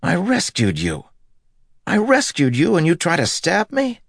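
A man's voice: mid-range voice, sing-song, normal speed, no room sound, studio quality, pitched above the performer's own voice. A man voicing a sardonic, swearing male street fighter in audiobook dialogue, talking in a wry, exasperated grumble.

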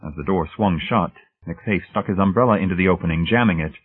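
A man reading a novel aloud as audiobook narrator, in steady, measured scripted narration. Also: low-pitched, husky. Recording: tinny phone-like band.

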